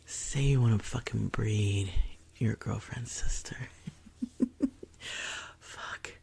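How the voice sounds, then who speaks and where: A woman's voice: rumbling low, slow, vocal fry, warm tone, slightly rough, exaggerated voice. A woman voicing a confident, possessive young woman in a whispered role-play, teasing and commanding, often dropping into whispers.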